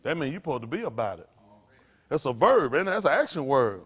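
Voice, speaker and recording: An older man preaching to a congregation, in a folksy, playful way with sudden loud bursts. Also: medium pitch, big pitch swings, brisk, breathy edge. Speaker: pastor.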